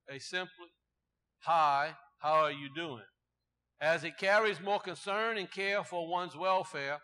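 A man's voice: sits high, sharp tone. A man preaching, explaining word meanings in a Bible teaching sermon and building to fervent exhortation. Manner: explains word meanings slowly, then preaches with rising fervor.

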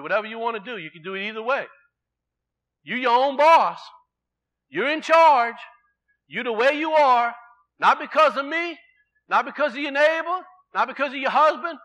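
A man preaching a sermon in a folksy way, swinging from emphatic declarations to quiet storytelling. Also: very high-pitched.

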